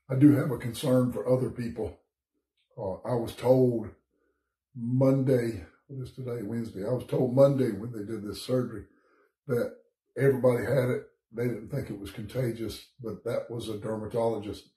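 Folksy pastor with a cough, echoey room. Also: male voice, mid-range voice, fairly even intonation, moderate pace, warm tone. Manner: folksy, chatty, reads scripture aloud. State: coughing, slightly sick. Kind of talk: informal Bible study teaching. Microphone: streaming setup, morning online study.

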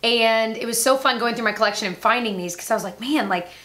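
A young woman chatting casually and quickly in a beauty review vlog, bubbly and a little out of breath. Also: a little high, pushed and bright. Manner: bubbly, chatty, talks fast and laughs at herself. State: slightly out of breath. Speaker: beauty vlogger. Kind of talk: casual chat, product review.

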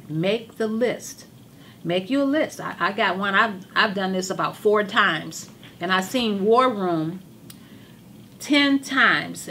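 Hoarse woman hosting a gospel show. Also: mid-range voice, fairly bright tone, a little hiss or hum. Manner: fervent, repetitive, preachy emphasis. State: hoarse, losing her voice. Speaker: TV show host. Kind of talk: religious talk show monologue.

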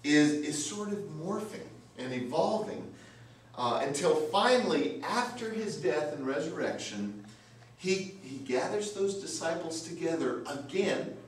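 A man preaches slowly and emphatically, his pitch rising and falling widely as he repeats phrases and asks rhetorical questions. He is heard from a distance in a church sanctuary with heavy echo and a faint noise underneath. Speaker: pastor. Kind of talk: sermon. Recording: very echoey church, mic from afar, faint noise.

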